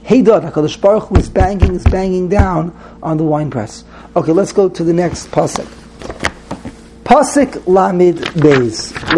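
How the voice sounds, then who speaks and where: A man's voice: sits high, warm tone, slight background noise, rough recording. A man teaching a text class to a small group, wandering off into side stories and restarting his sentences often. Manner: digressive, restarts often, mixes Hebrew terms.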